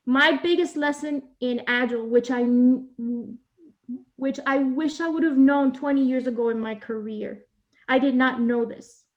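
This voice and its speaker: Earnest high-voiced woman on a muffled call. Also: unhurried. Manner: earnest, emotional, repeats phrases for emphasis. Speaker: agile coach sharing a story. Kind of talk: heartfelt personal talk.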